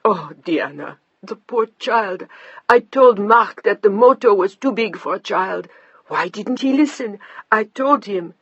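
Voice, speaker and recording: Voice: medium pitch, expressive, unhurried, fairly bright tone, husky, dry recording, muffled recording, pitched above the performer's own voice, full character voice. A narrator voicing an older French woman, a stern, grieving mother-in-law with a French accent and clipped, formal English. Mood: sobbing.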